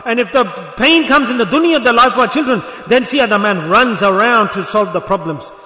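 Guy giving a sermon, high-pitched, roomy echo, asks the crowd questions. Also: expressive, fairly quick, pushed and bright. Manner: storytelling, rhetorical questions to listeners. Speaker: preacher. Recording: echoey hall.

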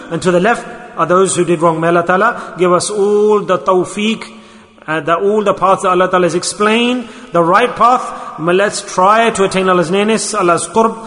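A man's voice: high-pitched, a bit bright, big-room sound. A man preaching a sermon in English, dropping Arabic and Urdu religious terms in and pressing the listeners with rhetorical questions. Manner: exhorting, with many rhetorical questions.

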